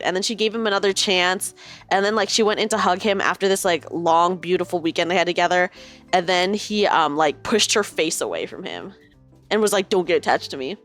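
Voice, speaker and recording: A woman from the United States hosting a stream, reading stories aloud and chatting with a lot of laughter. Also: medium pitch. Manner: laughs often, animated storytelling. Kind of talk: casual chat and reading aloud.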